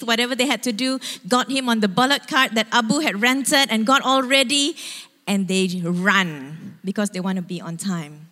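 Slow-speaking woman pastor in a church hall. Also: fairly high pitch. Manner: animated storytelling. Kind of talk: sermon. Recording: long hall reverb.

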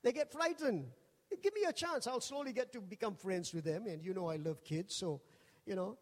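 Man, pastor, high voice, joking sermon storyteller, long reverb hall. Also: moderate pace. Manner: jokey, animated, acts out quoted voices.

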